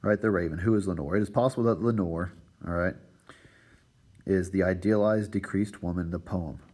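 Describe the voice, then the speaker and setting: In a recorded lesson, a man with a low, slightly husky, darkish voice explains material step by step to his students like a teacher. He lectures steadily and fairly quickly with a steady tone, constantly checking in with "right?" and "all right."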